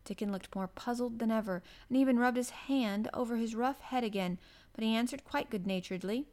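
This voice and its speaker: A woman narrating a classic children's novel aloud in a gentle, even storybook manner. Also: a little high, brisk.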